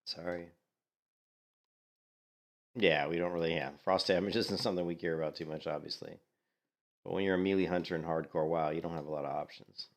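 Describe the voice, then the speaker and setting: A man's voice: sits low, steady tone, fast talker. A man giving casual commentary while playing a game, a bit congested and thinking aloud. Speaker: game streamer.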